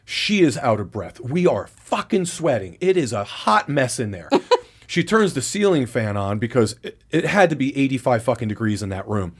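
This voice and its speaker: A man co-hosts a podcast, giving a candid, blow-by-blow account in casual chat and swearing a lot. His voice is medium-pitched and slightly rough, very animated, at a moderate pace.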